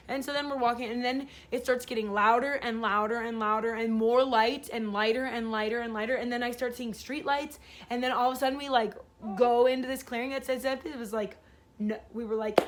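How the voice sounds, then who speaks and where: A woman's voice: fairly high pitch, brisk, a little hiss or hum. A woman vlogger telling a story in a casual, rambling way, full of fillers. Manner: rambling, filler-heavy, animated retelling.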